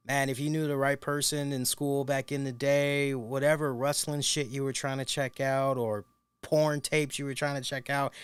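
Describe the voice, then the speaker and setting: A man's voice: medium pitch, fairly bright tone, clear, resonant tone, no echo. A middle-aged man hosting a wrestling review, telling loose, crude, laughing stories in casual chat. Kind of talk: casual profane storytelling.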